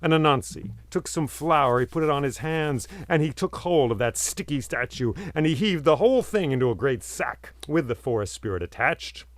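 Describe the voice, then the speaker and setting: Expressive male storyteller, dry close sound. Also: on the high side, moderate pace, few pauses, no room sound. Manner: expressive, lingers on vivid words, drops to hushed tones. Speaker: storyteller and podcast host. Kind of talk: oral storytelling.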